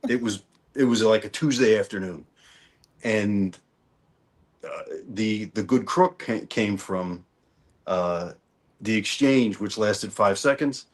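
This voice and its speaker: This songwriter from New Orleans, Louisiana talks low and slowly, pausing often, as a guest in a laid-back interview. His stories wander along with many restarts and repeated words.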